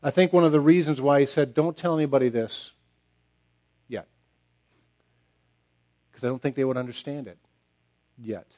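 Pastor, male, mid-range pitch, sermon delivery, emphatic with repeated lines. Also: fairly even intonation, normal speed, long pauses. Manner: emphatic, repeats phrases and drops to a quiet close.

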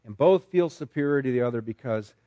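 A man's voice: mid-range voice, lively intonation, fast, dry recording, lo-fi sound. A man preaching a sermon to a congregation, emphatic and full of rhetorical questions, often restarting his words. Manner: frequent repeated restarts. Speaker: pastor.

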